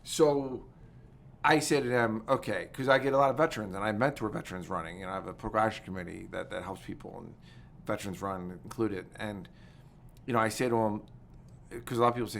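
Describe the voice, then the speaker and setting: A man, talking as a podcast guest in a quick, animated, filler-heavy way. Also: fairly low pitch, vocal fry, slight background noise. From United States. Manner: rapid, animated storytelling with many fillers. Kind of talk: casual interview talk.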